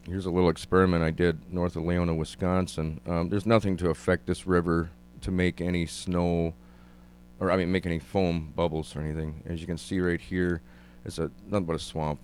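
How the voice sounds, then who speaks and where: A man's voice: low voice, level tone, brisk, darkish tone, a little hiss or hum. A man in an interview, talking hesitantly with many ums while narrating his own video clips.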